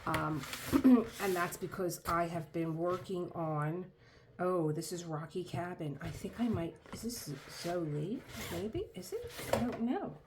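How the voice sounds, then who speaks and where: A middle-aged woman hosting her own craft channel, chatting excitedly through an unboxing, trailing off mid-sentence and dropping to a whisper in awe. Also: lowish voice, takes it slowly, background noise. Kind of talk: casual unboxing chat.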